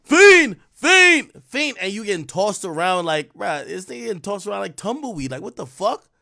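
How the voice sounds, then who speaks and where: A man's voice: high-pitched, expressive, quick pace, gravelly, very noisy. A man hosting a live stream, giving casual, rambling commentary full of profanity and trash talk. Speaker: livestream host.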